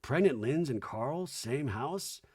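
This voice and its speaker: A man hosting a podcast, casually recapping a reality show in a joking tone, often dropping into low mocking voices to quote people. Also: expressive, slow, a little mellow, husky. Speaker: podcast host.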